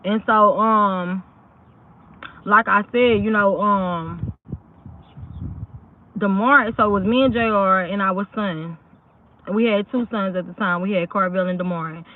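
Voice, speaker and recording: A woman's voice: medium pitch, unhurried, pauses often. Woman telling a story over tinny audio. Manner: rambling, keeps asking "you know what I'm saying". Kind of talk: casual spoken true story.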